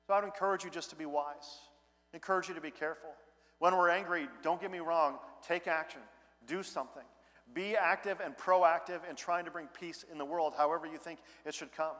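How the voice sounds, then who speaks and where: A man's voice: on the high side, steady tone, brisk, fairly bright tone, big-room sound. A man, a pastor, preaching a sermon in a candid, conversational way with acted-out asides. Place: church sanctuary.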